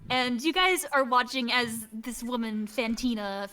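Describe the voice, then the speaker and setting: A woman narrating a tabletop game as game master in lively, animated speech, from a distant mic. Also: fairly high pitch, unhurried, soft background music.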